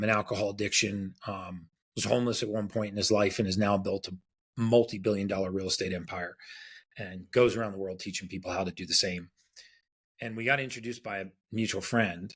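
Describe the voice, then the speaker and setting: A man's voice: lowish voice, husky. A man being interviewed as a podcast guest, telling a story casually and acting out the quotes with animation.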